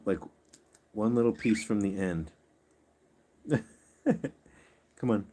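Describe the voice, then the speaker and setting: A man with a fairly low voice hosts a casual livestream. He coaxes his pets along and chats easily with the viewers. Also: a little slow, pauses often, warm tone. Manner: coaxing, chatty, talks to his pets and reads viewer comments. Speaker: pet channel host.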